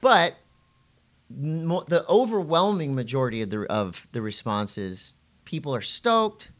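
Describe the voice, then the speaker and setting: A middle-aged man co-hosting a casual podcast, telling surf stories with animation and jumping into a high voice when he quotes people. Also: very animated, a little slow, a bit bright. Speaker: podcast co-host and surf commentator.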